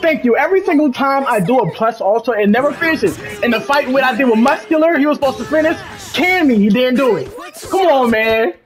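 A young woman loudly commentating her own gameplay, cursing and yelling at her opponents. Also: high-pitched, lively intonation, fairly quick. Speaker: gaming streamer. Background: game music.

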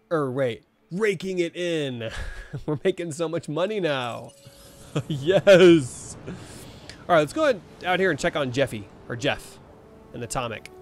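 Chatty young man streaming a game. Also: medium pitch. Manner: chatty, reads game text aloud and talks to chat. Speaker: gaming streamer. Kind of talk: live let's play commentary.

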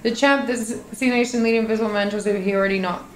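A woman's voice: a little high, fairly even intonation, quick pace, slight background noise. Rowdy woman streamer, roomy sound. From United Kingdom. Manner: loud, swearing, laughing, teasing chat. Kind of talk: casual live-stream chat reading viewer messages.

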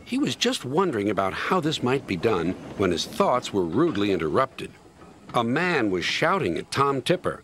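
A man narrating a children's train story in a steady storytelling voice. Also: mid-range voice, moderate pace, slight background noise. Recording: narration over clear music.

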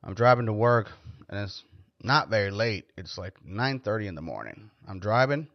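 A man's voice: on the low side, lively intonation, normal speed, no room sound. A man hosting a podcast, telling stories in a loose, profane, rambling way. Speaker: podcast host. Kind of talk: casual storytelling podcast chat. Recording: dull lo-fi recording.

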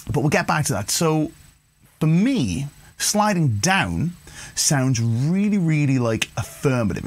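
A man's voice: mid-range voice, creaky. A man hosting a guitar lesson livestream, chatty and encouraging, reading viewer comments as he plays. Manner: relaxed, chatty, encouraging, addresses viewers as "you guys". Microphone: livestream mic with guitar playing. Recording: guitar music faintly behind.

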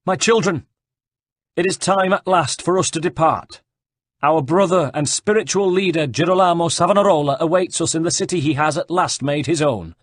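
A man voicing a fanatical male herald who preaches and declaims with fiery zeal, in a dry, husky recording. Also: on the high side, moderate pace, no room sound, pitched above the performer's own voice, lightly acted. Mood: solemn.

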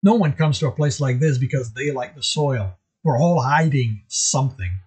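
A man voicing a middle-aged male portmaster who pleads and argues in frustration, with a husky voice. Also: mid-range voice, animated, moderate pace, darkish tone. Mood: exasperated.

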